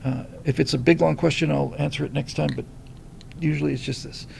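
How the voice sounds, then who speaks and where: A middle-aged man hosting a casual livestream, rambling and animated as he reads viewer comments. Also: a little high, brisk, creaky, slight background noise. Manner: rambling, animated, many restarts. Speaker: livestream host reading super chats.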